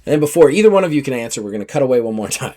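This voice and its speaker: A man's voice: mid-range voice, very fast, a little hiss or hum. A man narrating as game master of a tabletop game, telling the action vividly and in a loose way, with many fillers. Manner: vivid, animated storytelling with filler "like".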